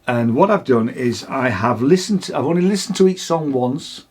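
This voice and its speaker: A man's voice: mid-range voice, animated, moderate pace, a little mellow, husky. A man, co-hosting a music podcast, chatting casually and giving opinionated takes. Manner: opinionated, chatty, frequent restarts. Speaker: podcast co-host. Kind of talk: casual chat.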